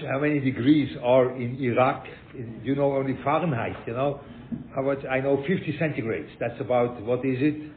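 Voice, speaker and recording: Older male rabbi, a touch high-pitched, animated lecturer who repeats himself; echoey room over a tinny line. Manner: animated, repeats words, mixes in Yiddish and Hebrew terms. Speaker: rabbi teaching a class. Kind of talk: lecture with questions from students. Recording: phone-like echoey room with faint rumble.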